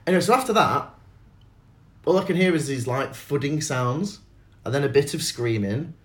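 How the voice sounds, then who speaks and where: A man with a fairly high, very lively voice tells stories in a loose, casual chat. He swears freely and jumps into other people's voices as he goes. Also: normal speed. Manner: animated storyteller, swears freely, acts out voices.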